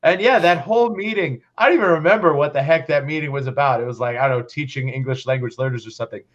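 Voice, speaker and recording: Male podcast host, young teacher, animated storyteller, slightly dull sound. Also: medium pitch, quick pace. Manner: animated, playfully acts out his own past thoughts.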